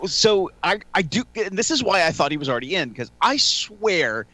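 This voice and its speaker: Animated, bright-voiced man co-hosting a radio show. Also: high-pitched, no room sound. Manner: quick, animated, self-correcting storytelling. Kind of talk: casual sports talk radio chat.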